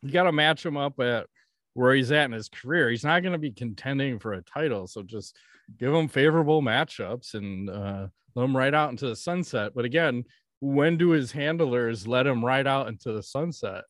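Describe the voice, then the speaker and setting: A man's voice: mid-range voice, expressive, normal speed, a bit bright, no echo, clean studio sound. A man co-hosting a podcast, chatting casually in a blunt, profane, joking way. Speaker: podcast co-host. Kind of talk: casual chat.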